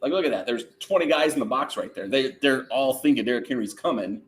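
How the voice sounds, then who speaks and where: A man's voice: medium pitch, quick pace. Easygoing man chatting football. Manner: relaxed play-by-play banter, reads chat aloud. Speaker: host of a football watch-along livestream. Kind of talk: casual sports chat.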